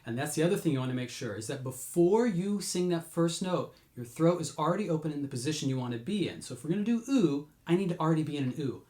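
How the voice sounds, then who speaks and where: A man teaching singing warm-ups, explaining patiently between sung demonstrations. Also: expressive, quick pace, few pauses, roomy sound. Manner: explains patiently, breaks into high sung demos. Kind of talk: vocal lesson with sung demonstrations.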